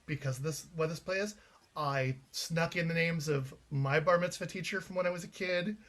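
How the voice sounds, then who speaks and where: A man's voice: on the high side, moderate pace, fairly bright tone. A man from Canada, a playwright being interviewed, telling anecdotes in a chatty way with frequent restarts. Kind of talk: casual interview chat.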